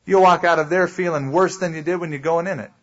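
A male pastor teaches a sermon in a loose, conversational way, stopping often to explain. His voice is a little high and husky. The recording has a dull, lo-fi sound. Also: steady tone, fast, a bit bright. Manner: conversational, explains with asides and acted quotes. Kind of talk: sermon, verse-by-verse Bible teaching.

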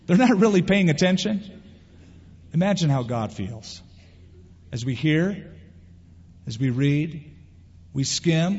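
A pastor preaches in a church sanctuary at normal speed, pausing often, his voice a little high and slightly husky. He's animated and drops into little quoted voices. The lo-fi, dull sound carries long reverb from the big hall.

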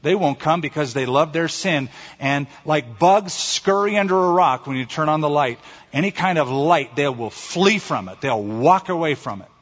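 A male pastor preaching a sermon and reading a story aloud, earnest and measured. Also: on the high side, animated, a bit bright, slightly rough. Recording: dull recording in echoey hall.

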